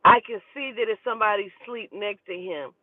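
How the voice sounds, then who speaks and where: A woman who does spiritual readings, telling a story in a casual, profane and animated way. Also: mid-range voice, fairly quick, no echo. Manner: profane, animated, talking to herself aloud. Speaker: spiritual reader. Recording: tinny phone-like dry audio.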